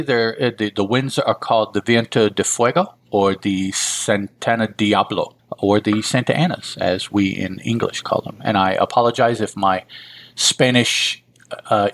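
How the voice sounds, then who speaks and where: Male host with a lowish voice, rambling, self-deprecating comic reviewer. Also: a bit bright. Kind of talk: casual comic book review.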